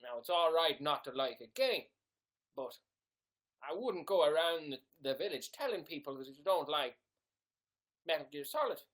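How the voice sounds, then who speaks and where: A man's voice: on the high side, animated, moderate pace, long pauses, a bit bright. A man voicing a stern but kindly village priest in an improvised comedy sketch, talking in a mock-solemn, scolding way.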